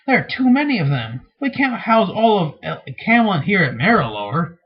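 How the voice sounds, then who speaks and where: A man reading as a calm, commanding young woman leader. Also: high voice, normal speed, slightly rough, lo-fi sound, exaggerated voice.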